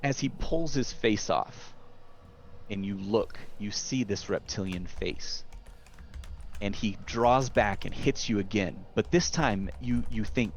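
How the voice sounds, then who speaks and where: A man narrating a tabletop horror game as game master, describing scenes in the second person with halting restarts. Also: lowish voice. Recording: dull lo-fi recording with faint hiss.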